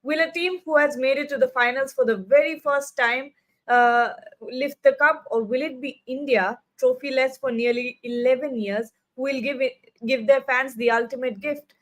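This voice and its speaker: A woman's voice: high voice, steady tone, moderate pace. A woman hosting a live sports discussion show over a video call, chatty and loose with "uh, you know". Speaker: host.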